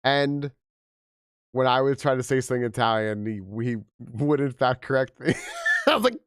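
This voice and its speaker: A young man chatting casually on a game stream, rambling and animated with frequent restarts, slightly hoarse from losing his voice. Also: mid-range voice, a little slow, pauses often, dry recording, studio quality. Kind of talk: casual live-stream chat.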